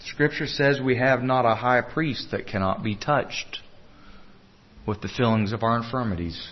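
A man preaching a sermon, earnest, moving between loud urging and hushed tender lines. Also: medium pitch, a little slow, highs cut off.

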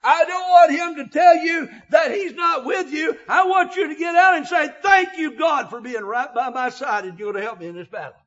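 An older man preaching an emotional sermon, often shouting, with a filler 'uh' between phrases. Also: extremely high pitch, normal speed, few pauses, lo-fi sound.

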